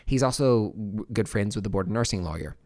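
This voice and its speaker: A man with a fairly low voice tells his own story on a podcast. He talks casually and candidly, swears freely, and fills the gaps with "like" and "uh" as he goes. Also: fairly quick. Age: adult, former nurse. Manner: candid, profane, animated storytelling with many fillers.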